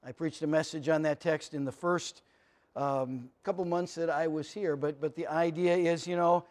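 A man's voice: a little high, fairly even intonation, moderate pace, darkish tone. A male pastor preaching a sermon in an earnest, emphatic way, often repeating his first words as he restarts a phrase.

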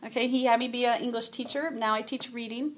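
Animated middle-aged woman giving a devotional talk. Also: a little high, fast. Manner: animated, acts out her own yelling; frequent "okay" and "um". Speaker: women's event speaker.

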